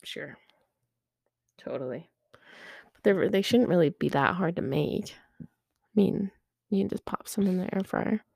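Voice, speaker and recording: A woman's voice: fairly low pitch, lively intonation, a little slow, vocal fry, long pauses, a little mellow, husky, no room sound, clean studio sound. A woman co-hosting a podcast in casual chat, laid-back and laughing easily. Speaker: podcast co-host.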